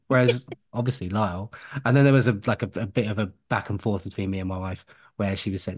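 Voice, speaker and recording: A man with a lowish voice, talking at home in a relaxed podcast chat. He rambles and drifts off on tangents, with laughing asides along the way. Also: fast talker. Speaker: podcast co-host.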